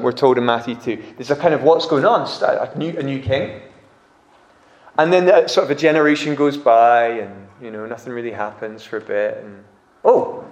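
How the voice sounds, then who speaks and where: A man preaching a sermon, animated and acting out crowd voices. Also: medium pitch, highs cut off. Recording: echoey room.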